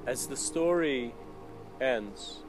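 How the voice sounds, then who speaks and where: A man delivers a meditative spiritual lecture at an unhurried, reflective pace. His voice sits at an ordinary middle pitch. Music plays clearly behind him throughout. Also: lively intonation. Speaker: spiritual teacher.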